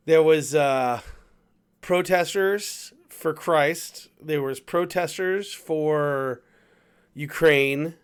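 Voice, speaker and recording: A man hosting a podcast, telling a travel story in a rambling, animated way with plenty of restarts. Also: fairly high pitch. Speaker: podcast host. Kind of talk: casual chat, storytelling.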